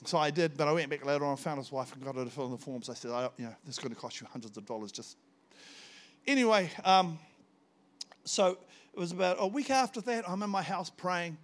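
An older man preaches to a church congregation, his voice sitting a little high for a man. He tells his stories with energy, breaking into sudden shouts as he acts out what was said. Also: fast talker. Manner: storytelling, animated, bursts into shouts when acting out scenes. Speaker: visiting pastor. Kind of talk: sermon.

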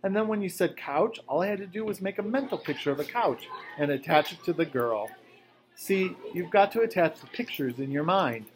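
A man's voice: high-pitched, a little fast, voice pushed up. A man doing an eager, lonely old man. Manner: eager, childlike, excitable. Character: cheerful lonely old male retired electrician.

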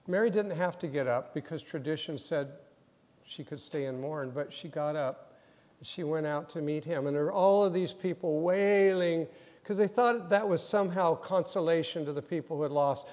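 A male pastor in a church sanctuary, delivering a sermon as a story. His voice sits fairly high, and he acts out the scenes and builds to loud emphasis. Long reverb rings through the big hall around him. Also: moderate pace.

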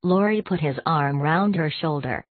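A woman narrating a classic short story as an audiobook reader, measured and hushed. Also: deep voice, dry recording. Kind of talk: scripted narration. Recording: tinny phone-like dry sound.

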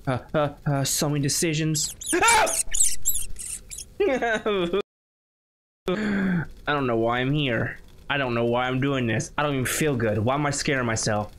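A man's voice: medium pitch, fairly quick, slight background noise. A man on a YouTube channel giving nervous, chatty running commentary while playing a horror game. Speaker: YouTube gamer.

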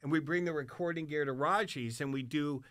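Bright-voiced older man telling a story. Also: a little high, a little fast. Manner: animated, swears a lot, acts out quotes. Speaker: guest musician. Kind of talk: casual storytelling.

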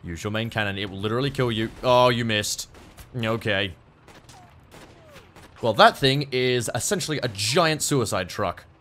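A young Australian man giving let's-play commentary, excitable, swearing and yelping at the action on screen. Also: medium pitch, unhurried, pauses often, slight background noise. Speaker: gaming YouTuber.

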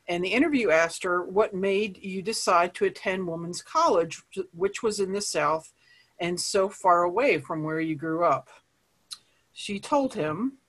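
A woman who works as an archive curator, reading historical letters aloud in a calm, measured way. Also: medium pitch.

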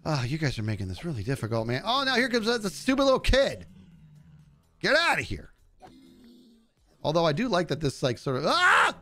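Gaming streamer, male, slightly high voice, very animated delivery, casual jokey commentary, faint music bed. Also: brisk, pauses often. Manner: animated, jokey, talks to game enemies. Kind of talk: casual live game commentary.

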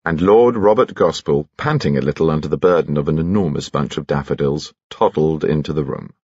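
A man narrating an audiobook in an expressive, measured way, recorded close on a studio microphone. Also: extremely low pitch, breathy edge, no room sound, lo-fi sound. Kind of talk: scripted narration.

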